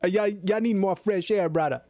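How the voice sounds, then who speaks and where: A man's voice: high-pitched, moderate pace, a little mellow, no echo, voice pushed up, lightly acted. A man putting on a teasing Caribbean-accented voice. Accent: put-on Caribbean. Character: jokey man with a put-on Caribbean voice.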